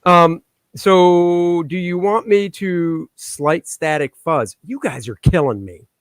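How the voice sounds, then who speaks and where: A man's voice: sits high, takes it slowly, clean tone, no room sound, studio quality. A man hosting a live stream as a comic artist, chatting casually and muttering jokes while he fiddles with his microphone settings. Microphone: microphone on a stand.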